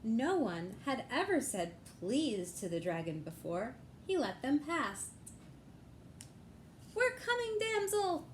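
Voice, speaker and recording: A woman reading a children's picture book aloud at storytime with an expressive, storybook cadence. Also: mid-range voice, a little slow, hardly any pauses, a little hiss or hum.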